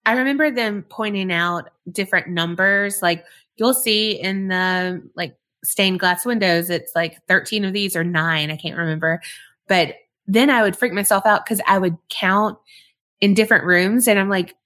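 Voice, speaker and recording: A woman's voice: medium pitch, moderate pace, fairly bright tone. Giggly woman co-hosting a podcast. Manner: giggly, exclaims often. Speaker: podcast co-host. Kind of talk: casual podcast chat.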